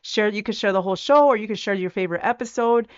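A woman hosting a Christian podcast, talking in a gushing, effusive way and often restarting her sentences. Her mid-pitched voice is smooth and clean. The audio is a little dull and lo-fi. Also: fast. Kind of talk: casual solo podcast chat.

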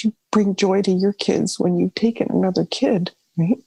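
A middle-aged woman speaks in a reflective, searching way, circling back and restarting her thoughts. Her voice is gravelly and husky with a mellow, dark tone. The sound is close and dry. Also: mid-range voice, steady tone, normal speed, few pauses, dry recording, rough recording. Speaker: family caregiver. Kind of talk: reflective personal interview.

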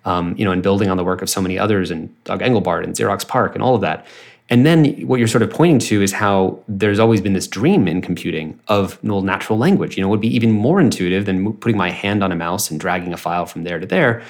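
Middle-aged male host, low gravelly voice, rapid long sentences. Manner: quick, builds long winding sentences. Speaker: podcast host. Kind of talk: conversational interview.

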